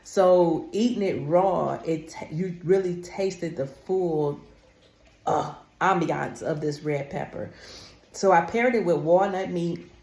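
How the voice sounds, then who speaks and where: A woman's voice: lowish voice, slow, vocal fry, darkish tone, roomy sound. A woman vlogger talking casually and emphatically to her viewers, calling them honey. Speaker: wellness vlogger. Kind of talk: casual talk to camera.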